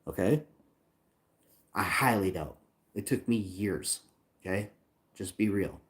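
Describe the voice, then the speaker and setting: A man's voice: low-pitched, expressive, slow pace, a little hiss or hum. A man ranting angrily on a livestream about a support chat, swearing, repeating himself and reading chat lines aloud. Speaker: channel owner livestreaming a complaint. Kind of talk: angry livestream rant.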